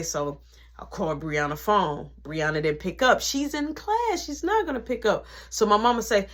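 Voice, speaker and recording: Animated woman telling a storytime. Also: mid-range voice, normal speed. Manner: slangy, animated, acts out quotes. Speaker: vlogger. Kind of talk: storytime retelling.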